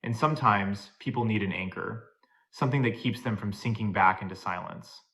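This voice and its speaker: A man voicing a composed female therapist who speaks softly and measuredly, in a low, plain voice. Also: creaky. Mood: calm, intimate. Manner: measured, soft-spoken.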